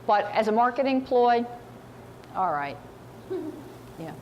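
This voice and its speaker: A woman's voice: fairly high pitch, animated, slow pace, highs cut off. A woman novelist answers questions at a university seminar in a loose, chatty way. She is wry and self-mocking and slips into little voices for the people she quotes. A faint hiss sits under the recording. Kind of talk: casual talk answering audience questions.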